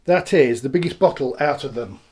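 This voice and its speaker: A man's voice: mid-range voice, fairly quick, a little mellow, husky. A man casually reviewing beers and cider on camera, chatty and rambling as he tastes each one. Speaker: beer reviewer.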